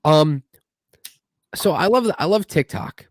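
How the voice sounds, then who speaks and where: A man's voice: fairly high pitch, expressive, measured pace, no echo, clean studio sound. A young man hosting a casual podcast, talking eagerly and retelling his conversations at length. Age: young adult. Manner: eager, rambling, retells talks with "I go". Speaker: podcast host. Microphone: video call.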